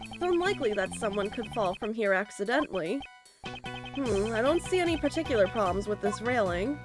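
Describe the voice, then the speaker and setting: A woman's voice: mid-range voice, lively intonation, a little fast, voice pushed down, close to an everyday voice. A woman reading a stern, formal detective. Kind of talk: reading game dialogue aloud. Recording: lofi music playing behind.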